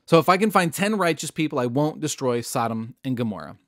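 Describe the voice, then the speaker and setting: A man's voice: mid-range voice, lively intonation, brisk, a bit bright, dry recording. Man, Bible teacher, comedic storytelling, jokey slang, dry close sound. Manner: casual and jokey, with modern slang.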